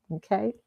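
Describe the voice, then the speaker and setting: Heavy background noise and cut-off highs mark this recording of a woman on a streaming setup mic. She hosts her own pop-culture commentary stream, talking bluntly with lots of swearing, frequent laughter, and a habit of repeating "okay?"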